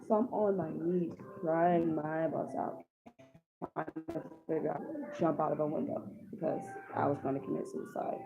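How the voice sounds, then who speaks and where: Tearful woman, low gravelly voice, tinny audio. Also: steady tone, moderate pace. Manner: raw, tearful retelling, acting out her own words. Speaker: mother telling a personal story. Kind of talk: emotional personal storytime. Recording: tinny phone-like audio with background noise.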